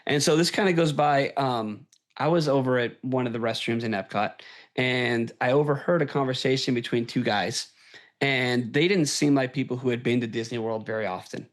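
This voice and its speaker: A man's voice: medium pitch, normal speed. A man hosting a podcast, chatting casually and with enthusiasm, often checking in with "right?". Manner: enthusiastic, tags "right?" onto points. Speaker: podcast host. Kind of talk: casual chat.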